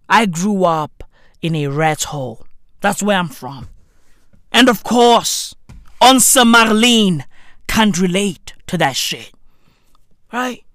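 Young man doing a slow, mocking, exasperated rant, very high and swooping. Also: a bit bright, no room sound, studio quality. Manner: mocking, exasperated, repeats "bruv" and "fam". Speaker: commentator. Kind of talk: profane comedic rant.

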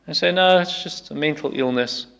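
A man's voice: on the high side, moderate pace, creaky, fairly bright tone. A man preaching a sermon with emphatic repetition, acting out people's excuses in quoted voices. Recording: long reverb of a hall.

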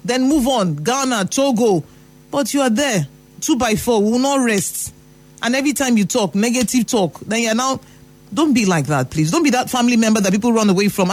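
A Nigerian man giving an emphatic motivational talk, repeating phrases for emphasis. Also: very high voice. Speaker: motivational speaker.

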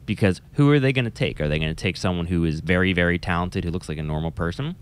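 A man's voice: low-pitched, fast, smooth. A man, a music teacher, talking casually and animatedly on a podcast, swearing and mimicking voices. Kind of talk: casual chat.

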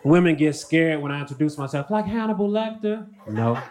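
A man performing a stand-up comedy routine on a club stage, with a dry, deadpan delivery. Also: on the high side, fairly quick, a crowd in the background. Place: comedy club stage before a live audience. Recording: noisy live stand-up recording.

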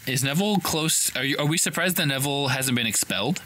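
A man with a bright, forceful voice hosts a casual podcast conversation. He teases his co-host and laughs easily. A faint hiss runs under the recording. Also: medium pitch, fast talker. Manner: playful, teasing, laughs often. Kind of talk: casual chat.

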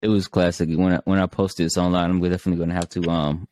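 A man's voice: low-pitched, flat delivery, fast talker, a little mellow, a little hiss or hum. A man hosting an interview show, asking questions in a rambling, casual way full of fillers. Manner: rambling, many fillers and trailing thoughts. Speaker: podcast host.

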